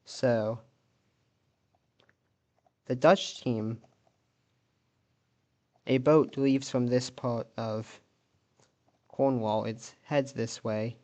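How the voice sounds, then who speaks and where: A man narrates his alternate-history map video in a loose, conversational way, pausing often and thinking aloud. His voice sits at an ordinary mid pitch and his delivery is slow and unhurried, and he stops to question odd details or correct himself before carrying on. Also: steady tone, dark tone. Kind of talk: casual narrated map commentary.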